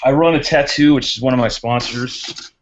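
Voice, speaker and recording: A man, a guest drone racer, chatting casually on a live hangout, telling stories in an animated way. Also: medium pitch, moderate pace, dull audio, slight background noise.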